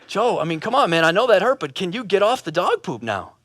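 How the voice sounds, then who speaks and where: A man's voice: sits high, big pitch swings, brisk, a bit bright. A male pastor voicing weary, exasperated family members within a sermon parable.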